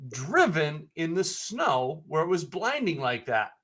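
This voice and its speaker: A man co-hosts a business podcast in a casual chat. His voice sits a little high, and he talks emphatically, repeats words and fires off pointed questions. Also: sing-song, measured pace, fairly bright tone. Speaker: podcast co-host.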